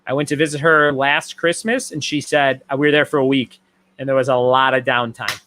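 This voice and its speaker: A man's voice: medium pitch, steady tone, a little fast, bright, forceful tone, a little hiss or hum. A man hosting a casual online movie trivia game, chatting and reading viewer comments aloud. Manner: chatty, reads out viewer comments and repeats questions. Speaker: trivia host.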